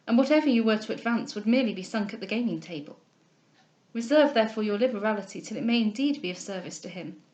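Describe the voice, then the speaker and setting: A woman reading a calm, gently firm young lady. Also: a little high, muffled recording, lightly acted. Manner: measured, gentle, formal. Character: composed, kindly young heiress, gently firm. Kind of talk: audiobook character reading.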